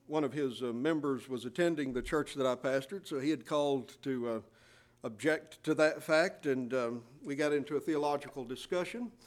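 A middle-aged male pastor delivering a sermon with a slightly higher-than-usual voice. He preaches with strong emphasis, reading scripture aloud in old-fashioned wording between his own explanations.

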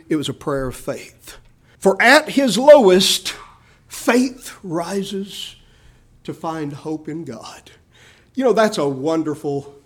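A male preacher delivers a sermon that swells dynamically and then drops to a hush, often addressing his listeners as beloved. His voice is high.

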